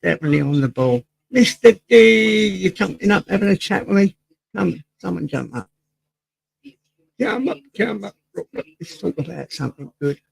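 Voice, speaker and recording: An English man hosts a laid-back live stream from home, reading out the chat and greeting viewers one by one. His voice sits a little high and has a gravelly edge. He sometimes leans away from the desk mic. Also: lively intonation, moderate pace, low-quality recording. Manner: chatty, greets viewers by name, reads chat aloud. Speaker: livestream host. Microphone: desk mic, sometimes off-axis.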